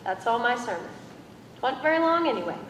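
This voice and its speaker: A woman's voice: a little high, big pitch swings, quick pace, a little hiss or hum. Teen girl playing a wry wedding narrator. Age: teens. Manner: dry, wry commentary. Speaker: student actor. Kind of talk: stage narration. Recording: echoey hall from far off, music.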